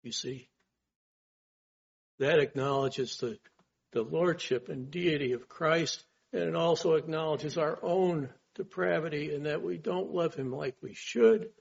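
A man delivers a sermon at an unhurried, deliberate pace, his voice slightly husky. He builds through rhetorical questions and lifts his volume on key phrases. The recording is a bit dull and lo-fi. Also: on the high side. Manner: earnest, asks rhetorical questions, swells in emphasis. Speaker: pastor.

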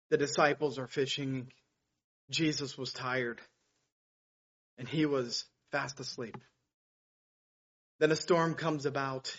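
A man preaching a sermon, swinging between hushed tones and loud outbursts as he retells scenes. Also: fairly high pitch. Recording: dull lo-fi sound.

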